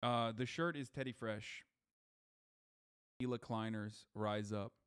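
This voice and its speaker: A man's voice: on the low side, fairly even intonation, takes it slowly, a bit bright, smooth. Profane, rambling male streamer. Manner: loose, profane, rambling with fillers. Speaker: streamer host. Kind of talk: casual livestream chat, reading chat messages.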